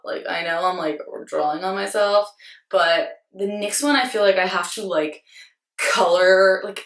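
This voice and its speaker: Young female beauty vlogger, slightly hoarse, rambling and self-mocking, recorded a little off-mic in a roomy space. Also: mid-range voice, fairly bright tone, distant mic. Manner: chatty, rambling, self-deprecating, lots of "like". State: losing her voice, slightly hoarse. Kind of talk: casual product review.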